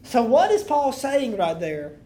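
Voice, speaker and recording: A woman's voice: a little high, sing-song, unhurried, mellow. A woman leading a Bible study, reading scripture aloud with emphasis and then explaining it in loose, casual talk to a room of listeners.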